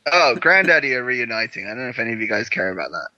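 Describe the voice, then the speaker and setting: A man's voice: medium pitch, big pitch swings, very fast, bright, forceful tone, dry recording. A man co-hosting a music podcast in casual chat, upbeat and enthusiastic. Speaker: podcast co-host. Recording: dry, dull lo-fi sound.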